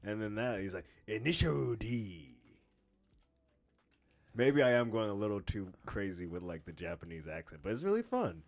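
A man co-hosting a podcast and trying out stand-up, talking in loud, profane, animated rants. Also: fairly low pitch, fast talker, few pauses. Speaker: podcast co-host, aspiring stand-up comic. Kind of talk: casual podcast chat.

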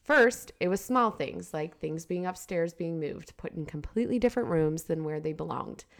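Brief: woman co-host, lowish voice, frank and laughing, reads a story aloud between chat. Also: animated, normal speed, gravelly. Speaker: podcast co-host.

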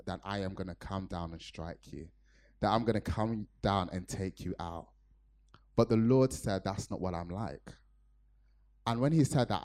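Male preacher from Nigeria, low voice, earnest storytelling sermon. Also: darkish tone.

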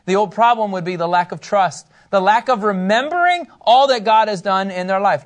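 High-voiced man teaching a Bible lesson. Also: moderate pace, few pauses. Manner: conversational, animated, laughs often. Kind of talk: lesson to a small group.

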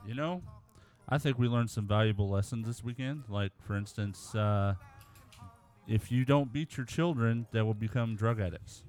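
A man's voice: mid-range voice, moderate pace, darkish tone. A man co-hosting a casual podcast, joking along with his friends. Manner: joking, playful. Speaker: podcast co-host.

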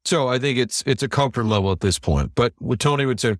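A man's voice: medium pitch, fast talker, dry recording, clean studio sound. A middle-aged man, a TV sports director, telling stories as a guest in a casual interview and acting out what others said. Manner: animated anecdote teller who acts out quotes.

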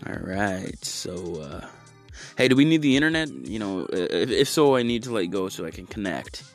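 Man doing clueless stammering caller, rambling and sorry, lively swings. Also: lowish voice, normal speed, soft background music. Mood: flustered. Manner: rambling, stammering, mock-apologetic. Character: flustered clueless man faking computer trouble on a phone call.

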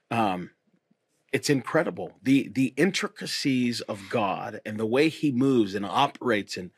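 A man's voice: medium pitch, slightly rough, dry recording, clean studio sound. Earnest encouraging pastor, man. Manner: earnest, encouraging, repeats phrases. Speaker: pastor and host. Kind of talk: faith conversation.

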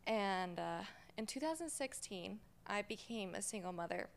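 A woman's voice: mid-range voice, lively intonation, normal speed, gravelly, slight background noise. A young woman giving a personal testimony in church on a handheld mic, hesitant and full of fillers. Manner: hesitant, with fillers, tearful at moments. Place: church sanctuary.

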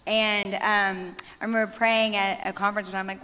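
A woman in her thirties tells her faith story in a heartfelt, rambling way, often breaking off and restarting. Her voice sits at a middle pitch. A long reverb hangs on every word, as in a large church hall. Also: little pitch movement, moderate pace, few pauses, pushed and bright, a little hiss or hum. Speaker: panelist sharing testimony. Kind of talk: personal faith testimony on stage.

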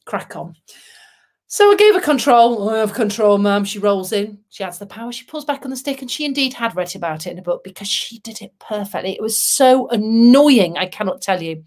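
Middle-aged woman, motivational speaker, animated and wry storytelling delivery. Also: a little high, a little fast, few pauses. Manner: lively, humorous storyteller, dry asides. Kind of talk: storytelling keynote talk.

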